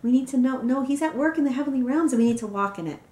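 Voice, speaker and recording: A woman's voice: sits high, rapid-fire, warm tone. A woman teaching a Bible study, often checking in with her listeners by asking "right?". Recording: roomy echo.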